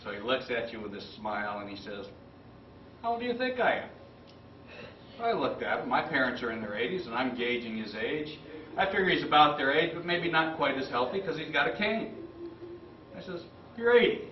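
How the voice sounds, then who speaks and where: A man's voice: medium pitch, a little fast. A man in his fifties tells a story to a club meeting, acting out what people said. He sounds far from the mic in a roomy space. The recording is dull and lo-fi, with a faint hiss behind him. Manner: lively storyteller acting out quotes. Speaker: club speaker. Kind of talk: storytelling speech.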